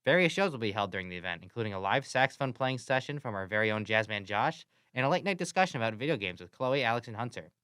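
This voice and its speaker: A young man reads the station's announcements at a quick, upbeat clip. His voice comes through smooth and clear. The studio mic is dry and close. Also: medium pitch, lively intonation, fairly bright tone, no echo. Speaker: radio host. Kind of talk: scripted college radio hosting.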